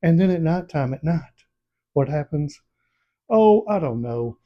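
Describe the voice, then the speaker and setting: A man's voice: a little high, unhurried, lo-fi sound. A man, a book vlogger chatting casually and animatedly retelling a story. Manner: animated storytelling, acts out scenes. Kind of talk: casual book review chat.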